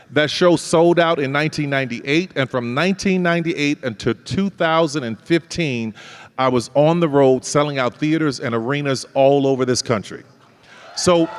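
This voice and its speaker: A man telling his life story as a guest in an interview, animated, acting out other people's lines and laughing often. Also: a little high, big-room sound.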